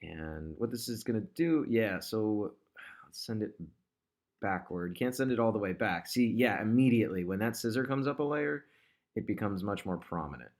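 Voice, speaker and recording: A man's voice: on the low side, lively intonation, normal speed. A man casually talking through an ad design on screen, thinking aloud and chatting to the objects he moves around. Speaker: digital marketer demonstrating ad design. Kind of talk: casual screen-recording tutorial.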